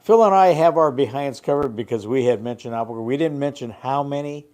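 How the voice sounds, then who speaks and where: An older man co-hosting a fishing show, chatting casually and telling animated stories about the old days. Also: mid-range voice, a little fast. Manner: lively storyteller, animated. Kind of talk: casual chat.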